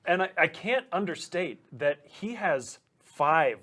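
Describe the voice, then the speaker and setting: A man playing a tabletop game, describing his character's actions with an animated, giggly manner. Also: a little high, slow, a little hiss or hum. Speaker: player. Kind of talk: tabletop role-play narration.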